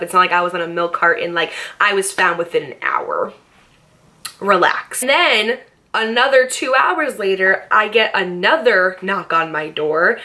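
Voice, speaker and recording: A woman's voice: on the low side, pushed and bright. A young woman vlogger telling a personal story in a casual, chatty way, swearing freely and acting out the voices of the people she quotes.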